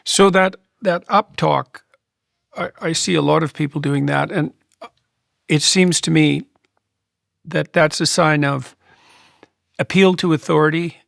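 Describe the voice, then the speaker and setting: A man in his sixties hosting a long-form interview, speaking in a measured, thoughtful way with halting restarts. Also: a little high, fairly even intonation, creaky, fairly bright tone, dry recording, studio quality. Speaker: podcast host.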